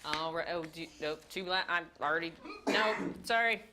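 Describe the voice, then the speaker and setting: A woman's voice: on the low side, moderate pace, background noise. A woman hosting a party word game on a TV show, reading prompts aloud and laughing often. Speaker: host. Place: TV studio with guests.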